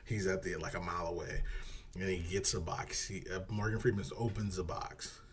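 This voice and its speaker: A man co-hosting a podcast, casually retelling a movie plot in a rambling, animated way, swearing and acting out quotes. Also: low-pitched, a little fast, slight background noise. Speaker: podcast co-host.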